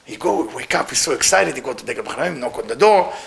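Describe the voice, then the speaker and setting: A man's voice: medium pitch, animated, fast, creaky. A man teaching a Kabbalah class, telling a story animatedly in broken English. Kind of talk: storytelling lesson.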